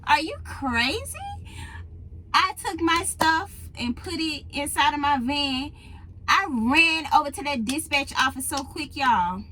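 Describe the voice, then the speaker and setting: Bright, high-voiced woman telling a story. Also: a little slow, a little hiss or hum, poor audio. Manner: animated, emphatic, talks to viewers directly. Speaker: truck driver vlogger. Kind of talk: casual storytelling to camera. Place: truck cab. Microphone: phone in a holder.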